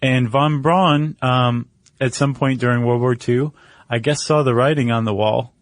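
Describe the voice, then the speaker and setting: A man's voice: medium pitch, steady tone, measured pace, no echo, studio quality. A man co-hosting a casual podcast chat, loose and joking as he explains history. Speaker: podcast co-host.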